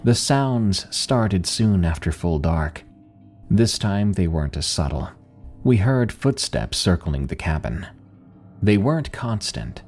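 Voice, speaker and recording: A man telling a first-person horror story as scripted narration, slow and grave with dramatic pauses. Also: deep voice, sing-song, a little mellow, faint music behind.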